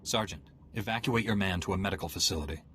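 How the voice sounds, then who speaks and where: A brisk low-voiced Jedi knight. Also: male voice, pushed and bright, slight background noise. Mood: earnest. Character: dutiful male Jedi knight hero. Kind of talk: video game voice acting.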